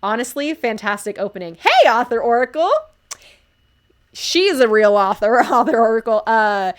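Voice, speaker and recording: A woman's voice: on the high side, expressive, normal speed. A young woman reviewing stories live, talking casually and enthusiastically with lots of fillers and asides. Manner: gushing, enthusiastic, chatty with many fillers. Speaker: livestream book reviewer. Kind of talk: casual live-stream commentary.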